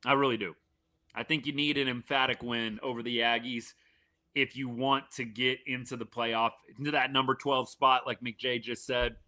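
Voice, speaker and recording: Reacting live to a college football game, this stream host speaks in a mid-range voice at a moderate pace. He's casual and animated, openly partisan as a fan, and frequently restarts his sentences.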